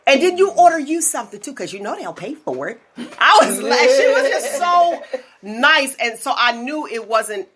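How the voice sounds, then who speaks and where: A woman in her forties telling stories in casual chat as a podcast host, animated and often laughing. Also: high-pitched, moderate pace, a loud crowd. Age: 40s.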